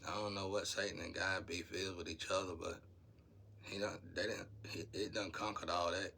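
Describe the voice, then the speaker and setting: A man's voice: low-pitched, steady tone, moderate pace, vocal fry, pushed and bright, slight background noise. A man, talking to his viewers in a rambling, preachy monologue about spiritual matters.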